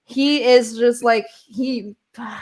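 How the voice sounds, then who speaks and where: Woman, Brazilian accent, fairly high voice, lively casual chat, restarts a lot. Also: slow pace. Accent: Brazilian Portuguese. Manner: animated storytelling with many restarts.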